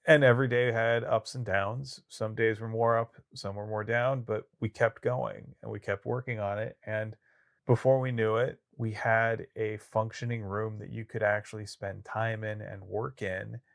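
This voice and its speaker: A man's voice: on the low side, flat delivery, normal speed, gravelly. A man co-hosting a podcast, talking through a novel in an easygoing way with joking asides. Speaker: podcast co-host. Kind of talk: casual book discussion.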